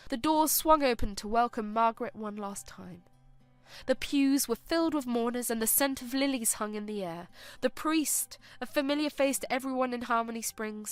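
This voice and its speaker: A woman giving a scripted, solemn and measured story narration. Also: on the high side.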